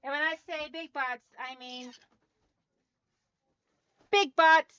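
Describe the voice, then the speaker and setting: A woman's voice: high voice, fairly even intonation, moderate pace, sharp tone, no echo, lo-fi sound. A woman hosting a casual quilting livestream, chatty and talking straight to her viewers as she reads out their comments.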